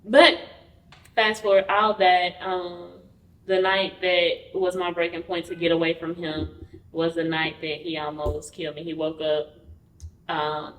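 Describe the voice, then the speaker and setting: A woman with a slightly low voice shares her own story as a podcast guest. She speaks candidly and conversationally, and she slips into the voices of the people she quotes. The sound is roomy and echoey. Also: a little slow, a little hiss or hum. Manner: animated, acts out quoted dialogue. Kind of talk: personal storytelling in an interview. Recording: roomy, mic at a distance.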